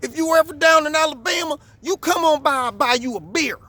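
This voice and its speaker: A man voicing a friendly good-old-boy, hearty and loud. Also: very high-pitched, fast, voice pushed up, full character voice. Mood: welcoming.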